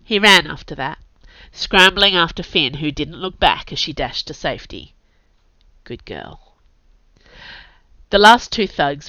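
Low, bright-toned woman narrating. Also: no room sound. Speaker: audiobook narrator. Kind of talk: scripted narration. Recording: dull, lo-fi dry recording.

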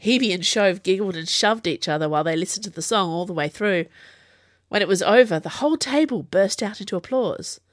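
A woman narrating her own serialised fiction as a podcast, with an animated, expressive delivery. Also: medium pitch, a little fast, no echo, studio quality.

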